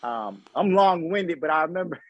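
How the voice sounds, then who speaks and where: Former pro athlete guest, thirties, loose slangy storytelling, husky, dry close mic. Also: male voice, on the high side, moderate pace, no echo, muffled recording. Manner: animated, slangy storyteller acting out quoted dialogue. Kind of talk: casual interview storytelling.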